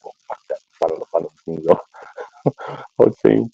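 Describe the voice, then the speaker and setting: A man's voice: deep voice, moderate pace, vocal fry, warm tone, husky, no room sound, lo-fi sound. A man with an Australian accent telling crude, swearing stories in casual chat. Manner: crude, swearing, laughing storyteller.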